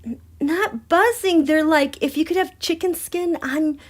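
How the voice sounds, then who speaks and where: A woman hosting a live astrology and tarot stream, gushing and excitable, dropping into hushed, near-whispered passages. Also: very high-pitched. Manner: soft and slow, nearly whispering. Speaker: tarot and astrology livestream host.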